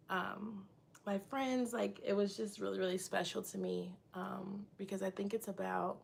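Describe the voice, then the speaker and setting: A woman's voice: medium pitch, creaky, a little hiss or hum. A woman in her thirties chatting casually while she does her hair, reading and answering comments, tired and a little sick. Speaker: vlogger.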